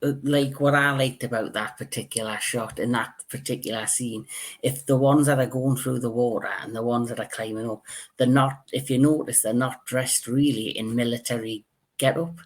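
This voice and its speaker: A man's voice: mid-range voice, fairly even intonation, normal speed. A man with a British accent, a guest in a casual film review chat, talking through scenes.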